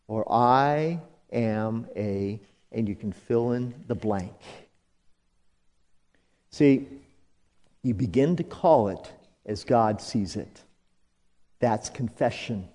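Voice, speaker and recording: A male pastor preaching a sermon, slow and dramatic, jumping to high emphatic bursts and dropping to hushed asides, leading the congregation in call-and-response. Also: lively intonation. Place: church sanctuary. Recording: long reverb of a church hall.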